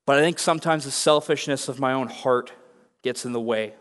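A man's voice: medium pitch, fairly quick, fairly bright tone. A young man delivers a sermon from the pulpit, earnest and openly confessional in tone. His mid-range voice rings out with a long hall reverb, as if in a large church sanctuary. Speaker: pastor.

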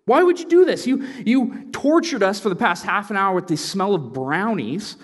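A man voicing whiny, indignant teenage boys who plead in high, exasperated tones. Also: animated, moderate pace, in a large hall, lightly acted. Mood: outraged.

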